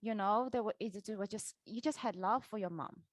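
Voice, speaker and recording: A woman hosting a podcast, speaking softly and hesitantly with many fillers as she asks about the guest's post. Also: mid-range voice, fairly quick, dry recording. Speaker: podcast host. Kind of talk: conversational interview.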